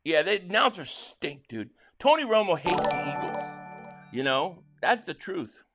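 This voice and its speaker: A man from Philadelphia hosting a live football watch-along, excitably calling plays and reading viewer chats, stammering on restarts. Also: high voice, a little slow, soft background music. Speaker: livestream host and fan.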